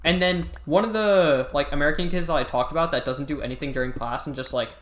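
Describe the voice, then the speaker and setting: A man's voice: a little high, fast talker, fairly bright tone, a little hiss or hum. A teenage boy, a student, ranting in an exasperated, sarcastic way while telling a story over gameplay. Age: teens. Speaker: student gamer. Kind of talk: casual rant over gameplay. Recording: echoey room, faint music.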